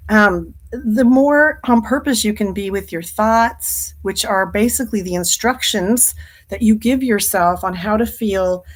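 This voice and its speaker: Middle-aged woman, business coach, chatty live training talk, upbeat, quick to laugh, mid-pitched voice.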